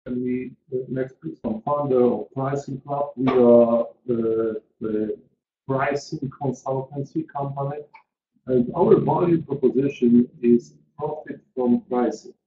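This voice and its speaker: A man's voice: medium pitch, steady tone, measured pace. A man, presenting a pricing webinar in an earnest, emphatic way and repeating his key points. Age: 40s. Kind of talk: online presentation to an audience. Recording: roomy, dull lo-fi call audio.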